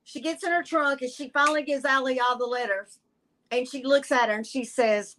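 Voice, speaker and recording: Tennessee woman, Southern accent, sassy folksy guest reader, high and forceful. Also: a little fast, low-quality recording. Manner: animated folksy retelling, blunt and sassy. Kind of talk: live-stream storytelling.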